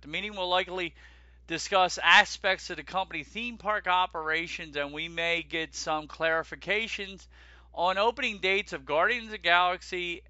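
Man, casual podcast chat, high voice, very bright and forceful tone, dull dry recording. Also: dry recording. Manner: animated, joking, swears casually, keeps addressing his co-host. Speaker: podcast co-host reading theme park news.

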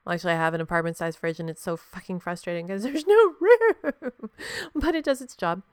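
A woman hosts a podcast in a loose, reflective monologue, talking frankly and straight to the listener. She swears freely and laughs often. Her voice sits fairly low, and the sound is dry and close. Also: expressive, a little fast, smooth, dry recording. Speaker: podcast host.

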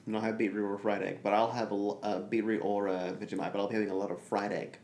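A man's voice: on the low side, quick pace. Joking man in an echoey room. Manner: jokey, deadpan, puts on silly voices. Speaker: podcast co-host. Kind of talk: casual improv comedy banter. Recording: echoey room with faint hum.

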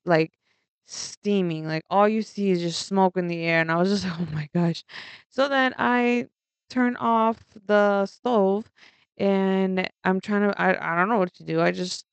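Very clear-voiced young woman telling a story. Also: mid-range voice, dry recording. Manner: animated, rambling, laughing, swears freely. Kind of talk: casual storytime vlog.

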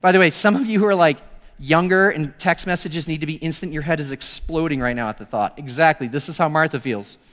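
A male pastor giving a sermon, telling the story with animated acted-out dialogue. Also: a little high, brisk, long reverb tail.

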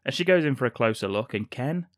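A man's voice: mid-range voice, expressive, quick pace, no echo. A man co-hosting a podcast, recounting a film plot in a dry, joking way with frequent laughs. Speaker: podcast co-host. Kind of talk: casual chat recapping a film plot.

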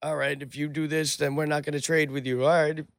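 Brief: young guy, mid pitch, animated swearing banter, dry close sound. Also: fast, vocal fry, no echo. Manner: excitable, heavy swearing. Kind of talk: casual chat.

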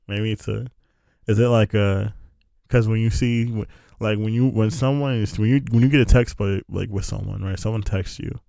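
Low-voiced rambling, joking young man. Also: warm tone, dry recording, clean studio sound. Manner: rambling, profane, jokey, trails off and restarts. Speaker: podcast host answering listener questions. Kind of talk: casual comedic monologue.

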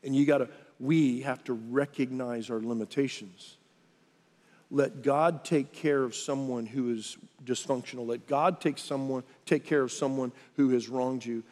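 A man preaching a sermon as a pastor, talking conversationally and acting out quotes with lively voices. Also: mid-range voice, measured pace. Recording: reverberant hall.

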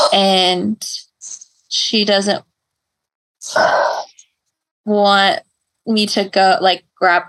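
A woman's voice: medium pitch, a bit bright. A woman co-hosting a podcast, chatting casually, telling stories and laughing often. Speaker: podcast co-host. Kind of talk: casual chat.

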